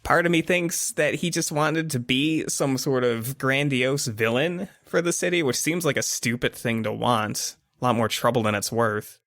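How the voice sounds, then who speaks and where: A man's voice: mid-range voice, normal speed, few pauses, fairly bright tone, dry recording, studio quality, natural voice. A man voicing a teasing, streetwise teenage girl in a tabletop game, with a lazy, sly drawl. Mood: blunt. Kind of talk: tabletop actual-play character voice.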